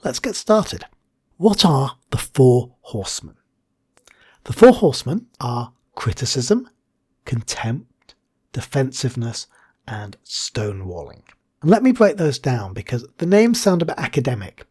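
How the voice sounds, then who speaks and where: A hypnotherapist and coach with a husky voice gives a scripted educational talk at a moderate pace. His pitch swings widely, from punchy highs to low, breathy asides, and he whispers key words for dramatic effect.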